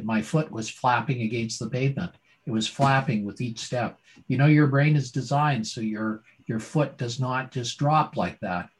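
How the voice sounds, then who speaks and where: A man's voice: mid-range voice, poor audio. Dramatic middle-aged male storyteller. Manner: dramatic storyteller, rhetorical questions. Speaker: guest, former doctor turned speaker. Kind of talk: storytelling interview.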